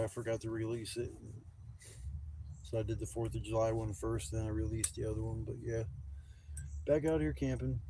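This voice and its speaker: A rambling, foul-mouthed man talks casually into a handheld camera on a gimbal while camping outdoors. His voice sits at an ordinary middle pitch, with faint outdoor ambience in the background. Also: mellow, slight background noise. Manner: rambling, profane, griping. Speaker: camping vlogger. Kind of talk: casual livestream chat. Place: outdoors at a campsite.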